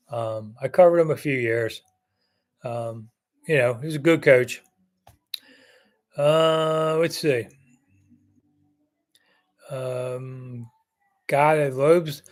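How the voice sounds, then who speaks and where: A man in his sixties, a sports reporter hosting a casual live chat, answering viewers in a blunt, rambling way with stories and fillers. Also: mid-range voice. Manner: rambling, blunt, anecdote-telling with frequent fillers. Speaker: sports reporter and show host.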